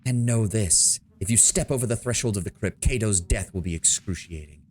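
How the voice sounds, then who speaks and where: A man's voice: lowish voice, fairly quick, darkish tone, slight background noise, close to an everyday voice. A man voicing a cruel, gloating female demon cultist, reading game dialogue aloud in a mocking, theatrical way.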